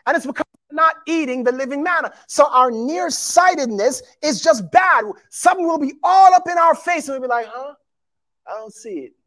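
A man preaching a sermon to his congregation, animated and emphatic, acting out quotes and calling out to the listeners. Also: very high voice, a little fast, hardly any pauses. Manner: addresses congregation as beloved and y'all.

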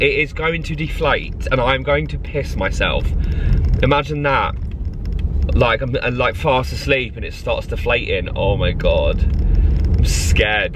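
A young man, vlogging in an excitable, chatty way as he talks to the camera. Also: medium pitch, reverberant, background noise. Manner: excitable, chatty, lots of "like" and "oh my God". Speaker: travel vlogger. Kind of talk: casual vlog chat to camera.

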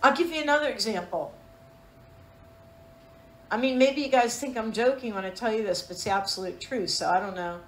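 A woman's voice: on the high side, brisk, pauses often. A woman Bible teacher giving a sermon, telling personal stories in an earnest, emotional way. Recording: echoey room.

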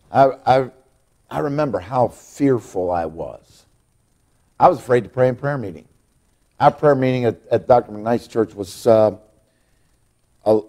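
Folksy stammering preacher, pitch climbing when worked up. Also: male voice. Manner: folksy, repetitive, stammering restarts; rises high and loud when emphatic. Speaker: pastor. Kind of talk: sermon. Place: church auditorium.

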